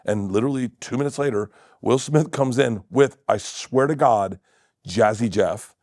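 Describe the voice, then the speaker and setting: On a talk show, a middle-aged comedian from Florida tells a wild story, acting out every quoted voice and breaking into loud bursts of laughter. His voice is mid-range at a moderate pace, captured on a dry close mic with no room sound.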